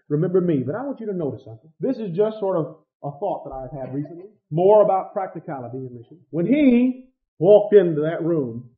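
A man preaching a sermon with passion, swinging between loud outbursts and hushed asides. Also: high-pitched. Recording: dull lo-fi sound.

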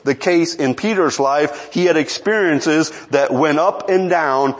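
High-voiced, animated male preacher. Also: a little slow. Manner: animated, asks the congregation questions, chuckles as he speaks. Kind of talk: sermon.

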